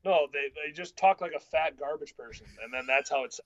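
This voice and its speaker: A man co-hosting a casual sports podcast, arguing football picks bluntly and in rapid bursts. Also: fairly high pitch, fairly bright tone, no echo. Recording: dull lo-fi sound.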